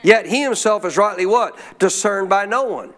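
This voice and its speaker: High-voiced preacher with call-and-response. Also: male voice, animated, moderate pace, a bit bright. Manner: call-and-response, leaves blanks for the crowd to fill; emphatic, repeats key lines. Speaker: pastor. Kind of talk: sermon. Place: church service.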